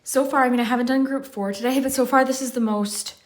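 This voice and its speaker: A woman's voice: sits high, fairly even intonation, fast. A woman giving a casual pick-a-card tarot reading, out of breath and rambling with lots of fillers. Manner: chatty, rambling, many "like" fillers. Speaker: tarot reader.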